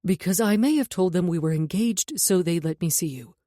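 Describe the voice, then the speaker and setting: A woman narrator voicing a steady, persuasive man who speaks low, calm and commanding in an audiobook. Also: brisk, dry recording, clean studio sound, natural voice.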